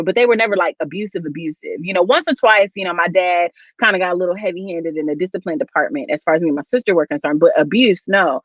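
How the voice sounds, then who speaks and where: A woman's voice: on the low side, dry recording. A young adult woman hosting a casual chat, talking candidly and laughing often. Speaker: host. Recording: dull dry lo-fi sound.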